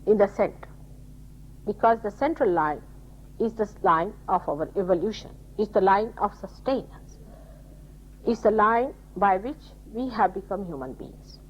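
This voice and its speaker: An older woman giving a spiritual talk to her followers, telling stories with quoted dialogue and scolding in an animated way. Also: medium pitch, unhurried, breathy edge. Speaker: spiritual teacher. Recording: dull lo-fi 1980s tape.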